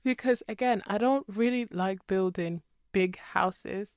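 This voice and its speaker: A woman's voice: medium pitch, a little slow, a little mellow, no room sound, clean studio sound. A woman in her twenties from the Birmingham area, speaking British English with a slight American twang, chatting and rambling over a game voice-over. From Birmingham area, England. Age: 20s. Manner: chatty, rambling, self-correcting, laughs often. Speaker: Sims speed-build creator. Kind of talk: casual voice-over chat.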